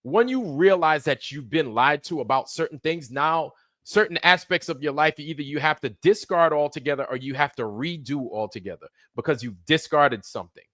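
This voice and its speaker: A man's voice: on the high side, moderate pace, a bit bright, dry recording, studio quality. A man hosting a livestream, delivering heated, profane commentary, repeating himself for emphasis. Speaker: livestream host.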